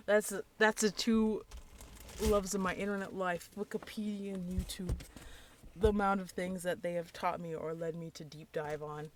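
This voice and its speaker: A woman casually chatting alone on a stream, thinking out loud in a rambling, playful, easily sidetracked way. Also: mid-range voice, fairly even intonation, unhurried. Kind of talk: casual solo stream chat.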